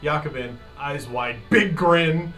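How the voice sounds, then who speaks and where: A man's voice: fairly high pitch, slow pace, fairly bright tone, distant mic, soft background music. A man running a tabletop game as game master, laid-back and joking as he explains rules and narrates.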